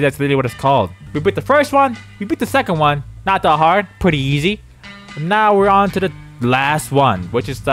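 Excitable young guy yelping over a game. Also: on the high side. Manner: excitable, yelps and swears at scares; rambling, self-correcting outro recap. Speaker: gaming YouTuber. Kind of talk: reactive gameplay commentary.

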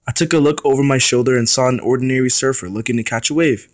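A man's voice: mid-range voice, fairly even intonation, quick pace, hardly any pauses, no room sound. A young man steadily narrating a first-person short story he wrote for a school class. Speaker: student reader. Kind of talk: reading a short story aloud.

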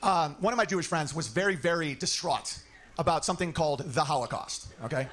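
A man's voice: fairly high pitch, fairly quick, a bit bright, a little hiss or hum. A man performing a stand-up comedy set, telling rambling, mock-sincere stories.

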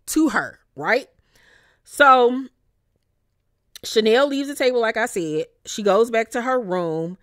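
Woman talking fast and slangy, recapping a show, close dry mic. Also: mid-range voice, no room sound. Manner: animated, slangy storytelling. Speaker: reality TV recap host. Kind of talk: casual commentary.

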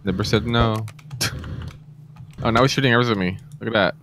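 A man's voice: on the low side, steady tone, a little fast, a bit bright, slight background noise. Teasing man chatting over a game. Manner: teasing, laughs often. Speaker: game player. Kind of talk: casual gaming chat.

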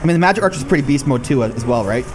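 A young man giving excited live commentary on his own gameplay, talking to his cards and his viewers and calling himself a nub. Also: medium pitch, racing, crowd noise, noisy background. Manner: excitable, talks to the cards and the viewers, self-mocking. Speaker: gaming YouTuber. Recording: faint music bed behind the voice.

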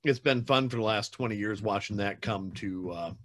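A man hosting a podcast, his voice on the low side. He talks casually and haltingly, with lots of "uh" and "you know" as he gathers his thoughts. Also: fairly bright tone. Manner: halting, full of fillers. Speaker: podcast host. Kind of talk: casual interview.

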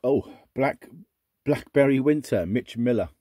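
Chatty man with a mellow voice. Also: medium pitch, measured pace, husky, no echo, clean studio sound. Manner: chatty, muttering asides, excited exclamations. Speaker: record collector vlogger. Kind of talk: casual unboxing chat.

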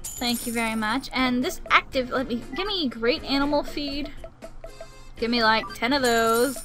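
A woman's voice: a little high, unhurried, over music. A young woman talking casually over her gameplay, chatty and easily exasperated, grumbling when things go wrong. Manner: chatty, sings to herself, turns exasperated and grumbling. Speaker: gaming channel host. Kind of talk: let's play commentary.

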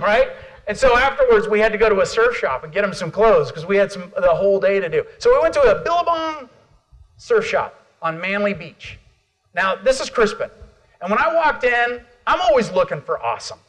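Energetic high-voiced male keynote speaker. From United States. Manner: energetic, calls for audience responses. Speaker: motivational speaker. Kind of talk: live conference keynote. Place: conference room with audience.

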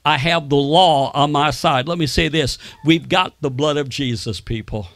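A man's voice: on the high side, normal speed, hardly any pauses, a bit bright, no echo. A man preaching a sermon, telling personal stories and quoting people in raised voices. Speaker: pastor.

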